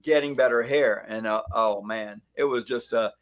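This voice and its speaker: A man's voice: medium pitch, moderate pace. A man in his fifties, a hairstylist co-hosting a casual chat, telling stories animatedly and acting out the lines of others. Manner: animated storyteller, acts out quoted dialogue. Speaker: hairstylist co-host.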